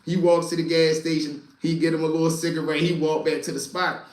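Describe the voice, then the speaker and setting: A man telling street stories to a live chat, animated and profane, talking straight to his listeners as y'all. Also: a little high, a little fast, roomy sound, slight background noise. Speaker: storyteller and stream host.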